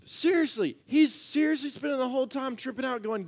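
A man's voice: very high voice, moderate pace, creaky. A young man preaching a casual, joking sermon in a church, talking to his congregation like friends and acting out little quotes. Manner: joking, conversational, acts out quotes. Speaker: pastor.

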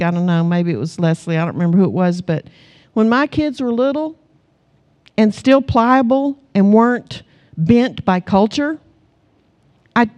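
A middle-aged woman preaching a sermon, telling family stories with laughter and calling the congregation to answer amen. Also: mid-range voice. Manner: animated storytelling, calls the congregation for amens; laughs often as she tells stories.

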